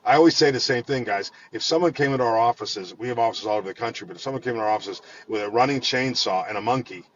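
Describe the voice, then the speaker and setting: Fast-talking man, dull recording. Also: medium pitch. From Pittsburgh area. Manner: animated storyteller with many restarts and repeated words. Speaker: guest, financial firm head. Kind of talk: conversational storytelling in an interview.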